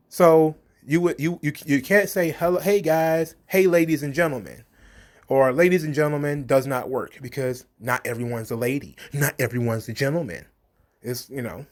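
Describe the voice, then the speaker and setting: A man hosting an opinion commentary, talking with sarcasm and scorn, slipping into a mocking sing-song when he quotes others. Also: mid-range voice. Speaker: commentary host.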